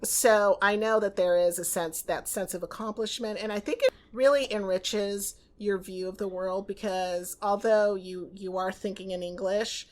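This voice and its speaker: An American woman hosting a podcast, chatting in a reflective, conversational way. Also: mid-range voice. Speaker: podcast host. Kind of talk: casual interview chat.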